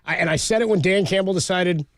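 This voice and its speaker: A man co-hosting sports talk radio, telling stories in an excited, rapid way. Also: high-pitched, no room sound, studio quality.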